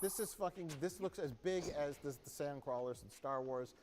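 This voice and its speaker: A man co-hosting a podcast, reviewing a movie in casual chat, excitable and trailing off mid-sentence. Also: on the high side, normal speed. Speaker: podcast co-host. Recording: hissy podcast audio.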